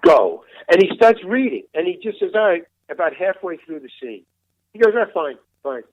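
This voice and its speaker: A man's voice: sits high, expressive, fairly quick, no echo. Older man telling stories over a tinny line. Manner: rambling, restarts, acts out quoted dialogue. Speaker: interview guest, veteran actor. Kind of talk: casual anecdote telling. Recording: tinny phone-like line, dry.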